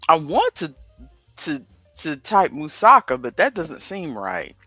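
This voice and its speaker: Rambling as he solves a crossword, this man co-hosting a casual livestream talks to himself in a voice on the high side with big pitch swings. It is creaky, pushed, bright and slightly rough, at a measured pace, recorded with no room sound over soft background music.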